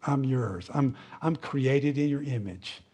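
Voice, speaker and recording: A man's voice: mid-range voice, takes it slowly, dark tone, slightly rough. A man preaching a sermon in a conversational way, with fillers, rising to fervent emphasis at times.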